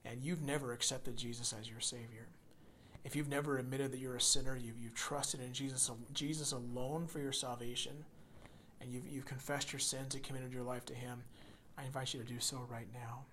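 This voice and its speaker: Man preaching, loud then hushed. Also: mid-range voice, level tone, normal speed, a little hiss or hum. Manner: dynamic, swings between loud emphasis and hushed near-whispers; repeats words when building a point. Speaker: pastor. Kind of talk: sermon.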